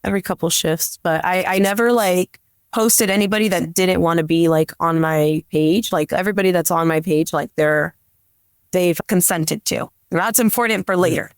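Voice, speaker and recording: A woman's voice: fairly low pitch, moderate pace, clear, resonant tone, no echo. Chatty young woman, dry close sound. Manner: chatty, leans on "like" constantly. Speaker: police dispatcher guest. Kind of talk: casual storytelling. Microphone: podcast microphone.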